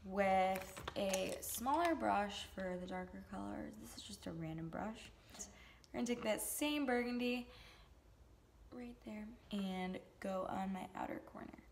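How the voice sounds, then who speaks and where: Young woman doing a chill makeup tutorial, talks slow, jokey little asides, faint hiss behind. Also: mid-range voice, creaky. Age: young adult. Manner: chatty, goofy joking asides. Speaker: beauty vlogger.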